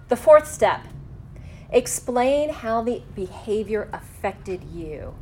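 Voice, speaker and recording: A woman teaching a faith-based lesson on forgiveness step by step, slowing down to stress key phrases. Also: a little high, big pitch swings, darkish tone, a little hiss or hum. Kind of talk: faith-based instructional talk.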